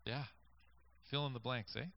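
A male preacher gives a conversational sermon, reading scripture and inviting listeners to picture the scenes. His medium-pitched voice has fairly even intonation, normal speed, and vocal fry, captured in a dry, dull lo-fi recording.

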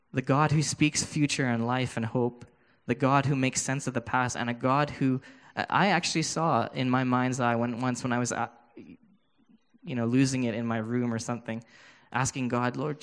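A man giving a sermon with a personal testimony, earnest and halting, often restarting his words, speaking into a handheld microphone. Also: medium pitch. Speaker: preacher.

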